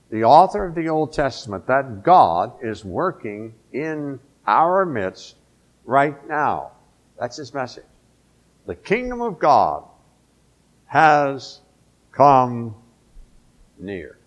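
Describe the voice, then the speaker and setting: Man, pastor, sermon, emphatic, slow delivery, animated pitch. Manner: emphatic preaching with drawn-out words.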